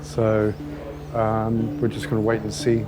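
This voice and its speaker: Male owner interviewee, lowish voice, hesitant delivery, music bed. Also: completely flat delivery, unhurried. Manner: hesitant, with fillers. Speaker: dog owner. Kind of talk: documentary interview.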